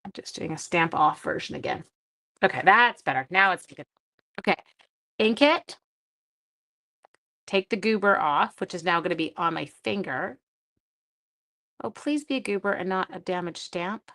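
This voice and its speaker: A woman's voice: lowish voice, expressive, moderate pace, vocal fry, pauses often, pushed and bright. A woman hosting a live card-stamping tutorial, chatting and answering viewer comments as she works, with a chatty, self-deprecating manner. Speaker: papercraft demonstrator hosting a livestream.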